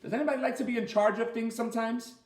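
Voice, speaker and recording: A man, a martial arts instructor, reading a picture book aloud to children in a gentle, expressive way and asking them questions as he goes. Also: extremely high pitch, racing. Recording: echoey room, far from the mic.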